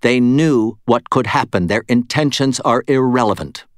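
A man's voice: medium pitch, moderate pace, dry recording, clean studio sound, voice pushed up, close to an everyday voice. A man voicing a blunt, determined woman who used to be a police officer, speaking firmly in an audiobook. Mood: stern. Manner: firm, clipped and intense. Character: tough blunt woman ex-cop, hard and determined.

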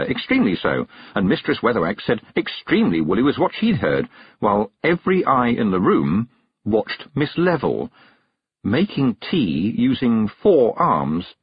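A man narrating an audiobook in a measured storytelling manner. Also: medium pitch, wildly swooping pitch, breathy edge. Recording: dull, dry narration recording.

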